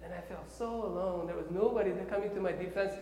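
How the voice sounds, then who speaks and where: A man from Korea with a Korean accent, preaching a sermon as an animated storyteller who keeps checking in with his listeners. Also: high voice, fast talker. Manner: animated storyteller, often checks in with "okay?" and "right?". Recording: echoey hall with long reverb.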